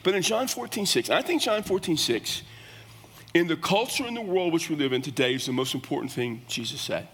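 A man's voice: on the high side, animated, brisk, fairly bright tone, slightly rough. A middle-aged man preaching a sermon as a pastor, earnest and emphatic, often restarting his words. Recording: long reverb of a church hall.

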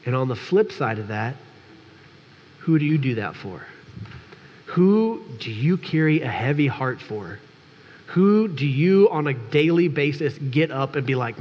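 A man's voice: medium pitch, lively intonation, a little slow, husky. A man preaching as a pastor in a conversational sermon, candid and joking, talking straight to his congregation. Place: church sanctuary. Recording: dull recording with long church reverb.

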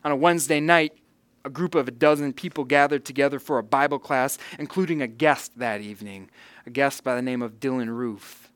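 A man preaching a sermon, earnest, rising loud on key points and dropping soft for quiet emphasis. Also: medium pitch, brisk, smooth, no room sound. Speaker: pastor.

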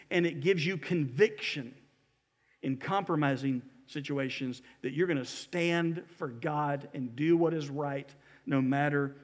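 High-voiced, emphatic male preacher. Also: long reverb tail. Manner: animated storytelling, emphatic. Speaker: pastor. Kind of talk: sermon. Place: church building.

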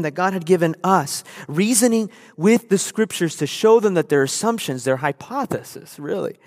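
A male pastor preaching a sermon, emphatic and repeating key phrases for effect. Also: fairly high pitch. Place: church sanctuary. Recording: long hall reverb.

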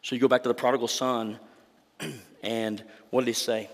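A man's voice: mid-range voice, little pitch movement, moderate pace. Male pastor preaching in an echoey hall. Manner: conversational, emphatic preaching with rhetorical questions. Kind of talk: sermon. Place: church sanctuary. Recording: reverberant church hall.

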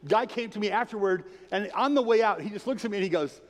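A man preaching a passionate, conversational sermon. His voice sits high, and he keeps asking the congregation questions. The sound rings with the long reverb of a church hall. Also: fast talker, hardly any pauses. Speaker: pastor.

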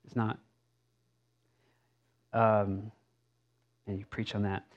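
A man's voice: fairly low pitch, little pitch movement, drawn-out words, muffled recording. A male pastor preaching a sermon in a conversational way, with asides and rhetorical questions.

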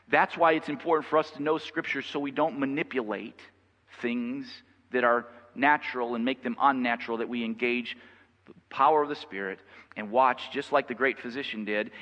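A man preaching a sermon as pastor, conversational and repeating himself, rising to loud passionate stretches. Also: medium pitch, normal speed. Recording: long reverb, dull lo-fi sound.

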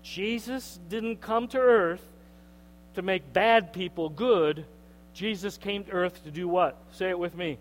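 A man preaching a sermon in an animated way, acting out the voices of the people he quotes. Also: high-pitched, a little slow. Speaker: pastor. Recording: long hall reverb, mains hum.

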